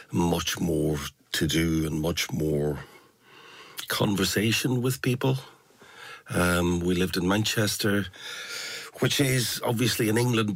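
A man's voice: low-pitched, dry recording. A man with an Irish accent, talking reflectively and a little hesitantly as a guest in an interview. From Ireland. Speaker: guest poet. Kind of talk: conversational interview.

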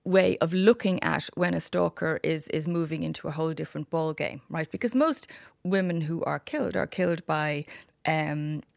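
A woman, a guest in a radio interview, chatty and animated with quick asides. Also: low-pitched, gravelly, no room sound, studio quality. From Ireland. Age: 50s.

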